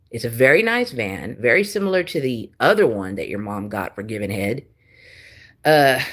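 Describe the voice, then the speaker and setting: Profane ranting woman. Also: very deep voice. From Texas. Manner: profane, taunting, swings loud and soft. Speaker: livestreamer. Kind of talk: angry livestream rant.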